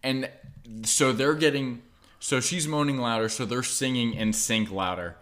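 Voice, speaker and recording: Young male co-host, mid-pitched, rambly and foul-mouthed, heavy on likes and ums. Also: fairly even intonation, measured pace, a bit bright. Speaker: podcast co-host. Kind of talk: casual podcast chat.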